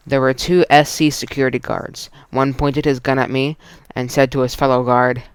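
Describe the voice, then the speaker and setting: A man narrating a first-person action story in a terse, dramatic way, shouting the quoted lines. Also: mid-range voice, flat delivery, normal speed, clean tone, no echo. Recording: narration over loud music.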